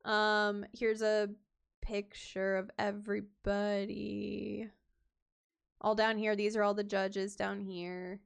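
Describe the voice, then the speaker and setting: A woman's voice: medium pitch, level tone, slow pace, vocal fry, clear, resonant tone. A woman cosplayer chatting casually on her stream, rambling, with many fillers and restarts.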